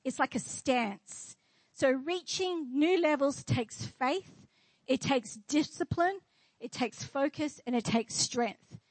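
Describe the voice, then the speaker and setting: A woman's voice: high voice, slow, dry recording, poor audio. A woman pastor preaching a sermon in church, declaring and asking the congregation questions.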